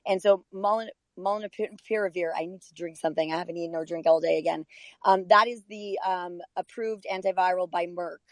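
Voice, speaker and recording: Woman in an online group talk, hurried and explanatory, dry sound. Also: lowish voice, fairly even intonation, no echo, low-quality recording. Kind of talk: casual group discussion.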